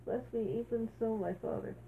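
A woman's voice: on the high side, fairly even intonation, normal speed, creaky. Woman reading an eager hunter son, plain voice, faint hiss on the line. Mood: pleading. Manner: plain read-aloud voice. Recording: tinny phone-like sound, faint hiss.

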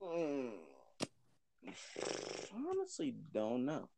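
A man's voice: fairly high pitch, huge pitch swings, extremely slow, vocal fry, noisy background. A young man co-hosting a podcast, answering in short, teasing replies in casual chat. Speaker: podcast co-host.

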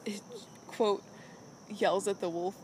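A woman's voice: mid-range voice, slow, slight background noise. Chatty woman retelling a story. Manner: chatty, animated retelling with quoted asides. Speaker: podcast co-host recapping a show. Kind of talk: casual chat.

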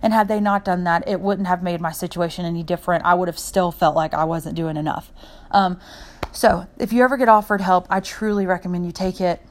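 A woman's voice: on the low side, fairly even intonation, a little fast. A young adult woman hosting a podcast, talking without a script in a heartfelt, rambling way and jumping from point to point. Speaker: podcast host. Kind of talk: unscripted personal podcast monologue.

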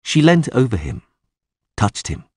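A man reading a fantasy audiobook aloud with expressive, dramatic narration. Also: medium pitch, a little slow, husky, no echo, studio quality.

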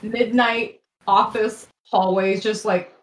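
A woman's voice: mid-range voice, fairly even intonation, slow pace, low-quality recording. A woman playing a tabletop game, chatting animatedly and swearing freely. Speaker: player. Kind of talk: casual chat at a game table.

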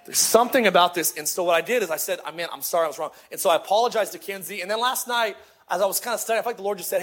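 A middle-aged man, a lead pastor, preaching a sermon in a lively, conversational way with repeated phrases. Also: sits high, very fast.

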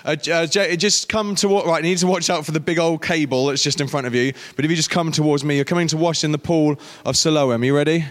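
A man's voice: fairly high pitch, steady tone, fast talker, few pauses, in a large hall. A man giving an interactive youth talk as guest speaker, playfully directing volunteers on stage.

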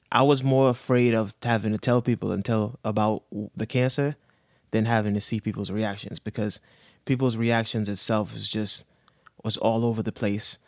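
A man's voice: lowish voice, no echo, clean studio sound. A man in his thirties on a podcast, talking earnestly about his cancer with heavy slang and profanity, choked up. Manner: earnest, emotional, urges listeners with slang and profanity. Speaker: guest sharing his cancer diagnosis. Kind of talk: candid podcast conversation.

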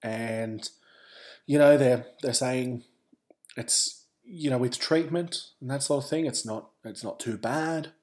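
A man's voice: mid-range voice, slow, darkish tone. A man with an Australian accent, a podcast host telling a personal story in a candid, wry way with wandering asides.

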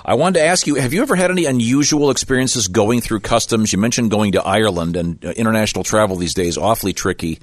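A man hosting a radio interview, briskly introducing the guest and asking questions. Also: lowish voice, no echo, studio quality. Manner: brisk, plugs the guest then asks. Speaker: radio host.

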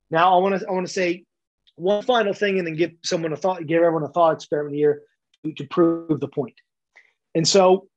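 A man's voice: high voice, muffled recording. A man as a podcast guest, explaining coaching ideas in an emphatic, lecture-like way and repeating words for stress. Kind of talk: explanatory interview talk.

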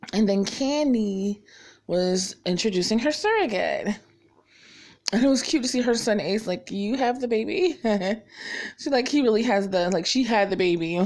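A young woman vlogging in casual chat, blunt and animated, swearing freely and filling her talk with "like". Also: medium pitch.

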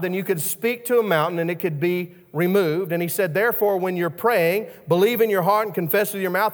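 Guy preaching a sermon, lots of restarts and questions to the crowd, high voice, echo from a big hall. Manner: repeats words as he restarts, asks the listeners questions.

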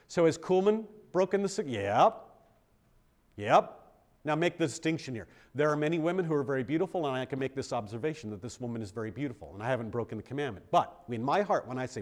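Lively pastor teaching a Bible class. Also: male voice, medium pitch, brisk. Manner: conversational, checks in with questions to the group; self-deprecating humor.

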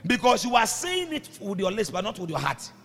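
A man preaching a sermon as pastor, breaking into shouts and sung phrases, recorded in a reverberant church hall with music behind. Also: sits high, huge pitch swings, fairly quick, vocal fry.

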